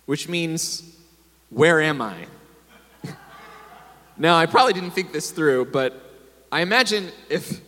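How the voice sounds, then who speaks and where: A man's voice: fairly high pitch, expressive, unhurried, pauses often, fairly bright tone. A man preaching a sermon to a congregation, telling stories and calling for responses. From America. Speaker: pastor. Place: congregation hall. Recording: long hall reverb.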